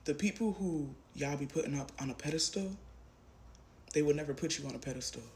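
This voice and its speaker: A tarot reader gives a collective reading directly to the viewer in a fairly high, brisk male voice, with a little hiss or hum audible. He is impassioned and emphatic, repeating phrases, swearing, and now and then dropping to a whisper.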